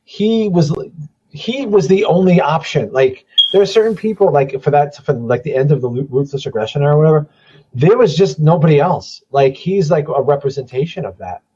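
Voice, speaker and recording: A man's voice: a little high, animated, normal speed, mellow, muffled recording, slight background noise. A man talking casually on a podcast, rambling and swearing as he tells wrestling stories. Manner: rambling, profane, trailing into mumbles.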